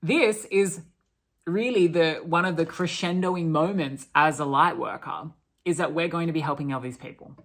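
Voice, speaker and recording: Aussie woman doing a channelled spiritual talk, earnest, kinda low voice, lots of restarts. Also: moderate pace.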